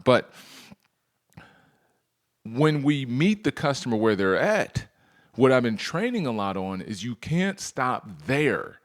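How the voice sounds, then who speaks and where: Speaking at normal speed in a mid-range voice, a man delivers a lively sales training session, posing rhetorical questions to his listeners and dramatizing customer conversations.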